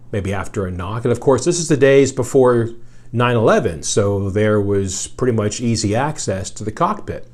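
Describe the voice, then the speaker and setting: A middle-aged man, a radio journalist, spinning a casual, meandering yarn full of asides. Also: medium pitch. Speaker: radio journalist telling a story. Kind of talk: casual storytelling.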